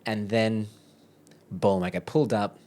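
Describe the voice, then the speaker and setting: A man's voice: lowish voice, fairly even intonation, unhurried, a little mellow. A man with an Australian accent, a podcast guest telling a personal story in a chatty, candid way, often quoting his own thoughts and laughing as he goes.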